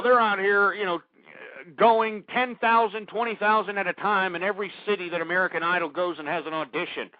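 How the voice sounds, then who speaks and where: A man hosting a talk radio show, delivering an indignant, swearing tirade that keeps breaking into shouts. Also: high voice, no room sound. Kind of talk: ranting talk radio monologue. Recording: tinny phone-like dry sound.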